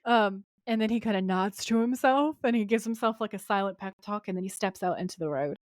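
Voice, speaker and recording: Animated woman podcast co-host, dry sound. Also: mid-range voice, fairly quick, no room sound. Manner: animated, swears freely, acts out quoted lines. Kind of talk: casual chat recapping a TV episode.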